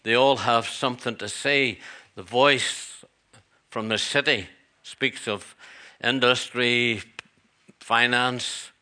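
A man's voice: medium pitch, sharp tone. A middle-aged man, a pastor preaching a sermon in a church, earnest and repetitive, with chatty asides.

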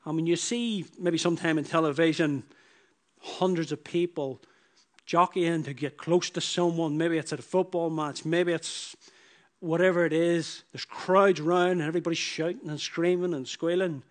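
A man preaching a sermon, who repeats his phrases and swings from loud emphatic bursts to hushed, low lines. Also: steady tone, normal speed.

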